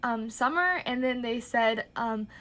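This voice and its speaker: A woman's voice: sits high, brisk. A woman telling a casual story with frequent hesitations, acting out the lines of the people she quotes. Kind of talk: casual second-person storytelling.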